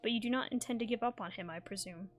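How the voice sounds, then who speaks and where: A courteous, formal male scholar, read aloud by a woman in her own everyday voice. His speech is careful and apologetic, with measured pauses. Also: a little high, faint music behind, lightly acted. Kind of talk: reading game dialogue aloud.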